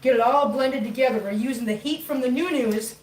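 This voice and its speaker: A fairly high-voiced woman chatting away as she cooks at home, flustered and talking straight to her viewers and her cats. She sits a little back from the mic, and the kitchen rings with echo under a faint hiss. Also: brisk, a little mellow, far from the mic. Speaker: cooking vlogger. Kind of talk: casual cooking chat to viewers.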